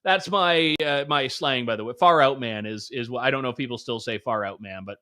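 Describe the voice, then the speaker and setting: A man hosting a political commentary show, energetic, chuckling and sarcastic. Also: medium pitch, brisk.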